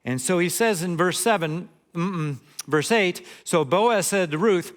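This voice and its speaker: A man's voice: high-pitched, unhurried. An older man from Montana giving a conversational sermon as a guest preacher, reading scripture and adding joking asides.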